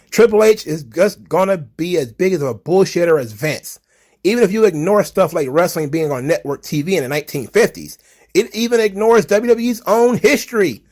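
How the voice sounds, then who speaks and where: Sarcastic man riffing on comments, slightly high voice. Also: darkish tone. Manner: sarcastic, laughs often, swears casually. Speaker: wrestling commentary channel host. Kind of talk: casual commentary reading comments.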